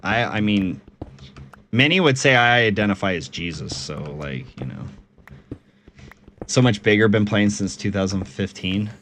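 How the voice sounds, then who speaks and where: A man's voice: lowish voice, expressive, measured pace, pauses often, a bit bright, slight background noise. A man streaming a game and chatting casually with viewers, laid-back, swearing freely and often laughing.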